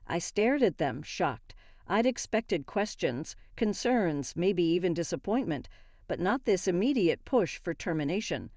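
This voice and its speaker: Lowish woman voice reading a story out, steady and even, dry. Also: measured pace, no room sound. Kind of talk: scripted first-person story narration.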